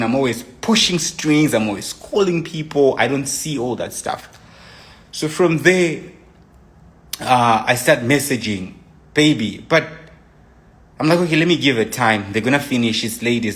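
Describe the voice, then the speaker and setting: A young man speaking into his phone on a live stream, telling an emotional personal account in a rambling way, restarting and re-enacting his own texts. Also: medium pitch. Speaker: livestreamer.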